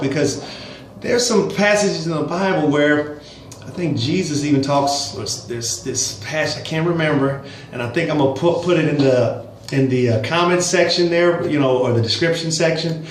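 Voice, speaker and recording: A man's voice: a little high, normal speed, reverberant, slight background noise, poor audio. A man vlogging casual religious commentary, speaking emphatically with chuckling asides.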